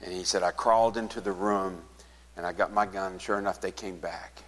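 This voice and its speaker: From the pulpit, a pastor tells a story in a low voice that carries through a reverberant church. His intonation stays fairly even and his pace is brisk as he voices both sides of a conversation, sinking to a hush whenever the tale turns sad.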